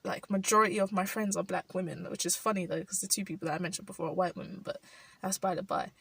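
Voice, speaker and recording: A woman's voice: lowish voice, steady tone, quick pace, gravelly, slightly rough, no echo, far from the mic, low-quality recording. A young woman from South London with a London accent, talking thoughtfully in a personal vlog, with many "like" fillers. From South London, England. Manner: thoughtful, frequent "like" fillers, soft laughs. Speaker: vlogger. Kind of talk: reflective personal monologue. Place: indoors while rain falls outside.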